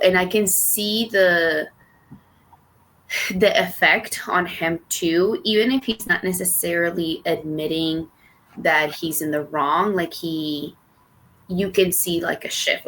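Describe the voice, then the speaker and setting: A woman's voice: low-pitched, fairly bright tone, a little hiss or hum. A young woman telling a personal story on a podcast, rambling with many fillers and restarts and casual swearing. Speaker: podcast co-host.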